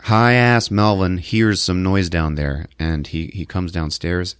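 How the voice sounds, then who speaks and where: A man's voice: sits low, steady tone, unhurried, clear, resonant tone, no echo, studio quality. A man hosting a podcast, recapping a movie in a casual way and acting out the lines in put-on voices with frequent laughter. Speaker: podcast host.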